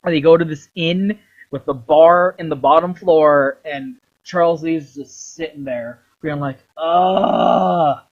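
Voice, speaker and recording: Guy rambling about a game story, swears constantly, voice a bit high, dull lo-fi mic. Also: measured pace, few pauses. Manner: animated, heavy swearing. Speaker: video creator. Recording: dull lo-fi recording.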